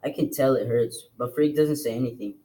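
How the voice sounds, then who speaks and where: A man reading a novel aloud to a class in a plain, steady storytelling voice. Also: medium pitch, fairly quick, low-quality recording. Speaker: reader.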